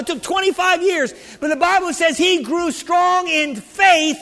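A man's voice: very high voice, normal speed, hardly any pauses, sharp tone. A man preaching a sermon with fervor, calling out questions to his congregation. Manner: fervent, calls out to the congregation. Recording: long hall reverb.

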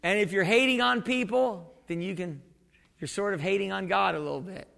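A male pastor gives a loose, talkative sermon in a church sanctuary, repeatedly restarting and stopping to ask his congregation questions. His high, gravelly voice moves at a fairly quick pace with a pushed, bright tone. The hall adds a long reverb to everything he says.

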